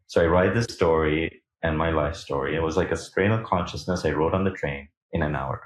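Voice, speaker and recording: A man as a podcast guest, telling his own story candidly and animatedly, acting out what people said to him. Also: very deep voice. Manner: animated, acts out quoted lines, laughs between points. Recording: roomy echo.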